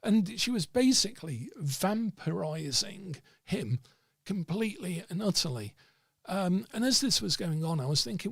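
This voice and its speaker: A man tells a long story in a rambling, casual way, often stopping to search for a word. His voice is a little high, gravelly and husky, and it sounds close and dry with almost no room echo. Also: lively intonation, a little slow. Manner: rambling, with many fillers and restarts. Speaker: host of an occult discussion stream.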